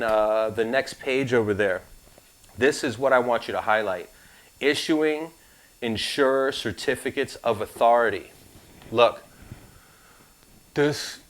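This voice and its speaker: A man's voice: mid-range voice, rough recording. A man teaching a live insurance licensing class, talking through the material in a casual, conversational way with frank asides.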